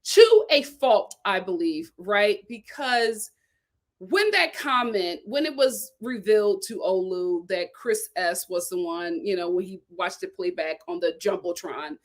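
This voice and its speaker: A woman giving casual, sassy commentary as a show reviewer, animated and laughing often. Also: mid-range voice, measured pace.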